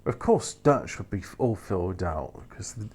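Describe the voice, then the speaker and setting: A man's voice: on the low side, sing-song, moderate pace, a little mellow, slightly rough. A man giving casual, rambling commentary while playing a factory-building game, correcting himself and making wry asides. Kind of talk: casual let's-play commentary.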